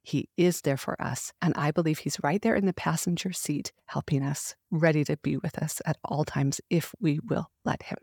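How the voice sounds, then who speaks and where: A woman's voice: low voice, steady tone, normal speed, hardly any pauses, a little mellow, breathy edge, no room sound, studio quality. A middle-aged woman hosting a faith podcast, speaking in an earnest, heartfelt, emphatic way. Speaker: podcast host. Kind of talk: faith devotional talk.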